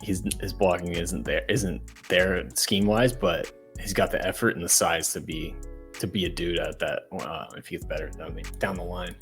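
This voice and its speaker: A man's voice: deep voice, steady tone, normal speed, fairly bright tone, soft background music. A man co-hosting a casual film-review chat, easygoing and agreeable. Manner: easygoing, agreeing, short backchannel replies. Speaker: podcast co-host.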